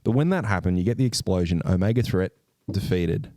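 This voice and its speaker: A man with a lowish voice tells a story to his podcast co-host, excited and full of swearing, and slips into little acted-out lines. The sound is dry and close, with no room echo. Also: a little fast. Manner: animated, swears a lot, acts out scenes. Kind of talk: excited casual recap.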